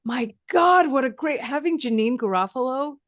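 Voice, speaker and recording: A woman's voice: high voice, animated, normal speed, no room sound, studio quality. A woman hosting a podcast, chatting casually and playfully with frequent laughter. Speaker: podcast host. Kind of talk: casual interview chat.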